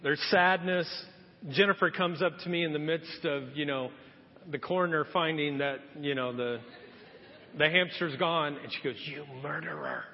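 The man's pitch is fairly high and his pace moderate as he preaches. He's a pastor in a church hall, telling a story and playing its characters' voices, captured in muffled audio with lengthy hall reverb.

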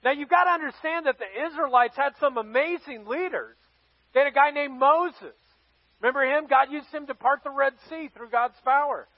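A man's voice: extremely high pitch, moderate pace, no echo, dull audio. A man preaching a sermon as pastor, telling a scripture story in a playful, joking way.

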